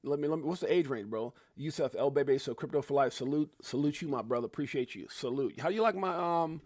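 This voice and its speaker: A man's voice: medium pitch, fast talker, darkish tone, no echo. Easygoing male livestream host, forties, conversational, dry mic. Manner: laid-back, chatty, calls viewers bro and fam. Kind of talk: casual live chat reading viewer comments.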